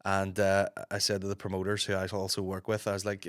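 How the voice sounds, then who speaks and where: A Northern Irish man in his thirties, a podcast host with a hoarse, gruff voice, telling rambling stories in casual chat, swearing freely. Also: sits low, completely flat delivery, fairly quick, no echo, clean studio sound. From Northern Ireland. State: hoarse from a sore throat.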